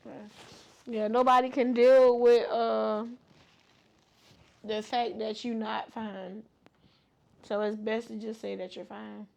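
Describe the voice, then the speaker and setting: A woman's voice: a little high, flat delivery, slow pace, vocal fry, long pauses, a little mellow. A young woman gives a personal testimony in an interview, close to tears, stressing her points and repeating them. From Georgia, US. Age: young adult.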